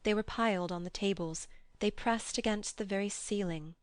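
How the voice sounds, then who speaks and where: A woman's voice: mid-range voice, normal speed, no echo, studio quality. Woman narrating a classic novel. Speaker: audiobook narrator. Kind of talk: scripted narration.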